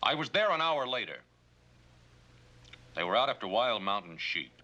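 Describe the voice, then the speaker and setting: An actor playing a level-headed young eldest son on a ranch, reasoning calmly in a 1960s television western. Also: male voice, mid-range voice, normal speed, muffled recording.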